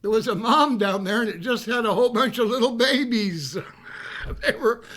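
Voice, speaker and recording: A man's voice: extremely high pitch, moderate pace, fairly bright tone. A man telling a rambling, folksy childhood story, often repeating himself. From North Carolina. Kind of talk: casual storytelling.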